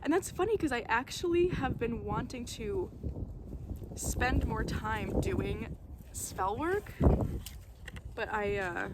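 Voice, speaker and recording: A woman vlogger unboxing tarot decks outdoors, gasping and halting, overwhelmed with delight. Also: on the high side, animated, heavy background noise. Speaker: vlogger opening tarot mail. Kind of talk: casual unboxing chat. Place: outdoors at a table on a windy day.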